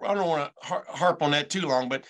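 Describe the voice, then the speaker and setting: A man's voice: fairly high pitch, a little fast, fairly bright tone. A man in his sixties hosting a casual sports chat, folksy and rambling, stammering now and then as he frames his questions. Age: 60s. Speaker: host.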